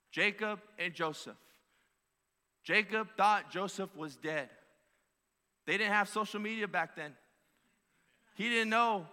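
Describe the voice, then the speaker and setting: A man's voice: high-pitched, bright, forceful tone. A male pastor preaching a sermon with emphatic, repeated phrases. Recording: long hall reverb.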